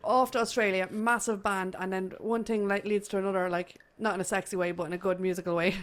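A woman's voice: medium pitch, steady tone, fairly quick. A woman interviewing a musician, playful and teasing, with slang asides. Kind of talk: casual interview.

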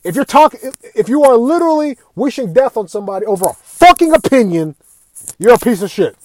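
High-voiced man in a heated, swearing rant. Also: sing-song, brisk, darkish tone, dry recording. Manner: heated, swearing constantly, raising voice at times. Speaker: video ranter. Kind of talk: angry profane rant.

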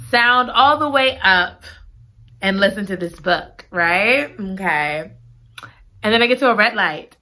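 A woman recapping a book in casual chat, gushing and giggly, repeating her excited exclamations. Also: medium pitch. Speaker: book reviewer.

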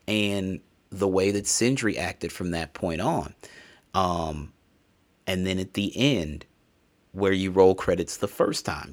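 A man giving a casual, rambling game review, emotional and full of swearing. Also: low-pitched. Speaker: gamer reviewing a video game. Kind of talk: casual solo review talk.

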